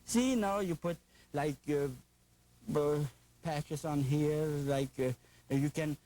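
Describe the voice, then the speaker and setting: A man's voice: fairly high pitch, takes it slowly, dark tone, low-quality recording. An older man with a German accent, teaching a painting lesson in an enthusiastic, folksy, chatty way with playful asides. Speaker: painting instructor.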